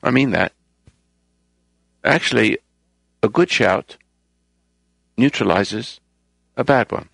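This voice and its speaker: A man's voice: fairly low pitch, takes it slowly, gravelly, long pauses, fairly bright tone, husky, no room sound. A man hosting a talk program, delivering a rambling, moralizing monologue and raising his voice to stress points. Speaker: radio show host.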